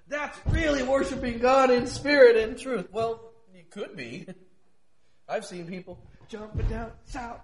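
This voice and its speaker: A man with a strikingly high voice preaches in a loose, devotional style. His tone is scratchy, and he swings from quiet, confiding asides to shouted emphasis. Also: unhurried. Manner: animated, swinging from hushed to shouting, laughing often. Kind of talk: informal devotional talk.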